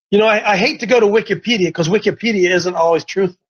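Brief: defiant sermon voice, repeats lines, breathy texture, muffled recording. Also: mid-range voice, wildly swooping pitch, brisk, a bit bright. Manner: mocking, blunt, repeats points. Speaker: preacher. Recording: dull lo-fi recording.

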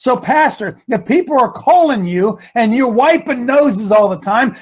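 An older man hosts a radio talk show in a high, husky voice. He lectures his listeners with fervor, building from steady talk into outright shouting. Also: a little slow, hardly any pauses. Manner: preachy, rising to shouts.

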